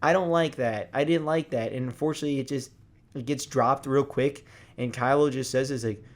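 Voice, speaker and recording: A young man giving a casual movie review, excited and profane, rambling with lots of restarts. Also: mid-range voice, a little fast.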